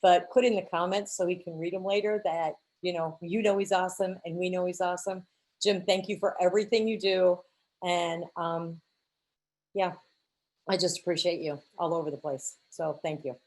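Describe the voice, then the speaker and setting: A woman gives a heartfelt, casual word of thanks. Her voice sits fairly low, and she talks sincerely, with some hesitation. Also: fairly even intonation, normal speed, a little mellow.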